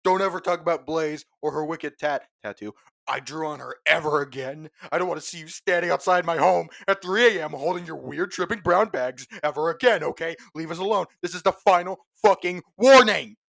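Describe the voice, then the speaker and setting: A man puts on a furious young hothead from an online post, his pitch climbing as he yells threats. The voice is close and dry, with no room around it. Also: brisk, creaky, dry recording. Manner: shouting, threatening.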